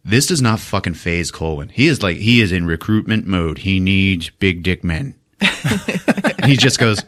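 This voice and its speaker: Brief: low-voiced man, animated, profane comedic recap host. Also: a little slow. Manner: animated, profane, acting out scenes. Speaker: podcast host.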